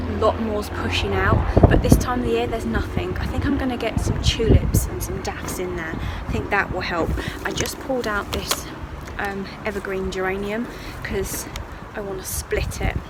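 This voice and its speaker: A woman's voice: medium pitch, heavy background noise. A woman chatting casually to the camera in a video diary while gardening outdoors. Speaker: vlogger.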